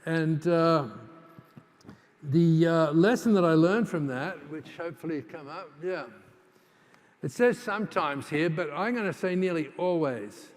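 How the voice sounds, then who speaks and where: A man's voice: fairly high pitch, measured pace. Man giving a keynote in a reverberant hall. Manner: conversational, with many fillers and restarts; acts out quoted dialogue in his stories. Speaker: keynote speaker. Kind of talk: conference keynote storytelling. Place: large conference hall.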